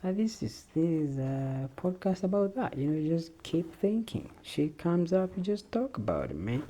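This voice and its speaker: A man's voice: fairly high pitch, sing-song, moderate pace, warm tone. A man hosting a solo podcast, rambling off the cuff and swearing casually. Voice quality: swears a lot, laid-back and off-the-cuff. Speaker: podcast host.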